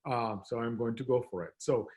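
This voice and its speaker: A playwright from Cuba chatting over a video call, wry and self-deprecating. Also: male voice, mid-range voice, steady tone, brisk, darkish tone. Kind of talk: casual video-call chat.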